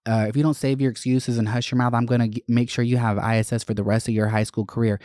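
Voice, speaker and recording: A man putting on the voice of an aggressive, dismissive male high school principal while telling a story. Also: level tone, fast, darkish tone, dry recording, clean studio sound, natural voice. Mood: threatening. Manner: scolding, mocking.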